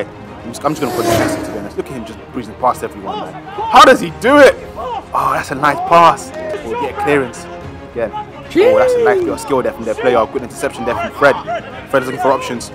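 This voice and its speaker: A young-sounding man calls a football match for his own club in a loose, slangy commentary style, cheering and groaning over each play. His voice sits at a middle pitch, with a music bed and crowd noise running underneath. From South London. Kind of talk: excitable amateur football commentary.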